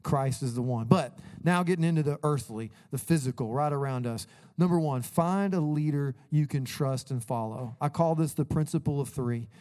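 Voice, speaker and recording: A man preaching a sermon, telling lively stories and laughing at himself as he goes. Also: medium pitch, normal speed. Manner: animated, laughs at his own stories. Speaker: pastor. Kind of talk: sermon with storytelling.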